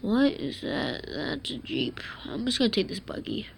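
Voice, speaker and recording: A woman giving casual gameplay commentary, excitable and joking, with swearing and quick asides. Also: on the high side, gravelly, slight background noise. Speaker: mobile game streamer.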